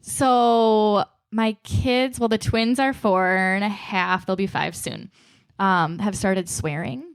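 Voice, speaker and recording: A woman's voice: medium pitch, takes it slowly, creaky, clear, resonant tone, no room sound, clean studio sound. A woman co-hosting a podcast in casual chat, who laughs often and acts out the voices of people she quotes. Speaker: podcast co-host.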